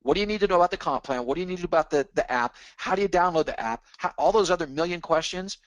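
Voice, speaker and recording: A man leads a sales training webinar in an eager, pushy way. His voice sits on the higher side and sounds dry and close. He drives each point home by saying it again. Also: fast talker, no room sound, low-quality recording. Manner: pumped-up, pushy, repeats himself for emphasis. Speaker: webinar presenter.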